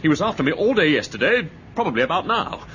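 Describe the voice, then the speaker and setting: An edgy bitter english ex-officer, voice jumps around, dull old radio audio. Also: male voice, on the high side, sing-song, a bit bright, slight background noise. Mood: angry. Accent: upper-class English. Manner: edgy, resentful, quick to flare up. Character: bitter, touchy English ex-soldier, grandson of a general. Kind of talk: 1930s-style radio drama acting.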